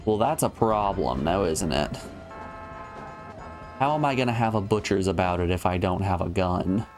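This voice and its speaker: Male streamer, low voice, dry joking asides over faint game music. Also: lively intonation, moderate pace, a little mellow. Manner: wry, joking, thinking aloud. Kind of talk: casual gameplay commentary.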